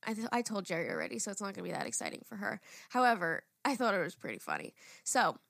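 A young woman co-hosting a podcast, telling stories in a lively, animated way and swearing freely. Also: mid-range voice, quick pace, gravelly, no room sound, clean studio sound. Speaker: podcast co-host. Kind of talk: casual chat.

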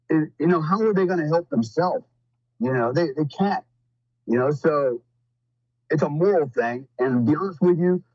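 A man's voice: on the high side, a little mellow, husky, dry recording, muffled recording. A man talking as a podcast guest, telling stories in a blunt, profane, rambling way with lots of fillers. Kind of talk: casual storytelling.

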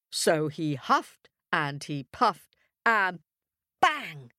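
A woman telling a children's story, playful and animated, making sound effects. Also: fairly low pitch, very slow, no room sound, clean studio sound.

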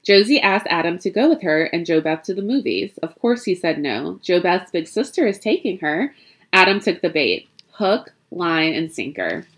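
A woman reading a spooky story aloud in an expressive, chatty way, breaking off now and then for playful asides. Her speaking voice sits a little low for a woman, and she tumbles over a word here and there before carrying on. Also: normal speed. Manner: expressive, chatty, stumbles and laughs at her own jokes.

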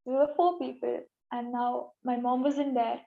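A young woman tells a personal story in an emotional, halting way, often repeating herself. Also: on the high side, level tone, gravelly, narrow, tinny audio.

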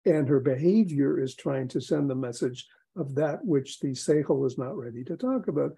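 A man's voice: medium pitch, normal speed, creaky, slightly rough, poor audio. A man, a rabbi and psychologist, explaining and telling stories as a podcast guest. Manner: explanatory, storytelling, animated emphasis. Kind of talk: podcast interview.

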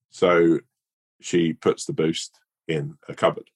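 Man, very low voice, playful rambling podcast co-host, dry close mic. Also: little pitch movement, a little slow, no room sound. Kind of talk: casual chat with a mock-earnest fable.

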